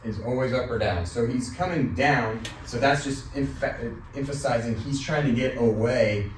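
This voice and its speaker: A man teaches a church Bible class in a relaxed, conversational way and keeps asking the group questions. His voice sits at an ordinary pitch. It is recorded from across a roomy space with a faint hiss behind it. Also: unhurried. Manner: conversational, asks the class questions, tells a joking story. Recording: roomy, mic from a distance, faint noise.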